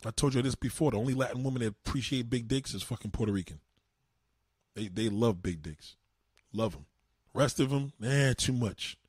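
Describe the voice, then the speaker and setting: A man hosting a crude, profane monologue show, talking in an animated way and repeating himself. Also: medium pitch, normal speed, slightly rough, dry recording, clean studio sound. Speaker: show host.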